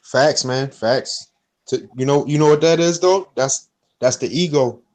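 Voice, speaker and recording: A man with a mid-pitched voice talks casually, backing up his partner with quick agreement. He then muses at length and keeps asking if he is understood. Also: a little mellow. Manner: affirming, reflective, says "you know what I mean". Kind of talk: casual chat.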